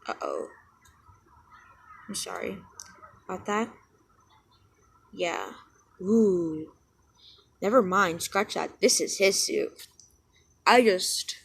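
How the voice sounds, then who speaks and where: A woman's voice: on the low side, lively intonation, slow, creaky, long pauses, slight background noise, low-quality recording. A young woman casually retelling a fan story, rambling and often correcting and apologizing for herself.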